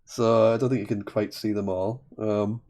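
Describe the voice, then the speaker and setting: A man's voice: on the low side, steady tone, normal speed, darkish tone. A man commentating live on a word game, thinking aloud and often correcting himself. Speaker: Scrabble commentator.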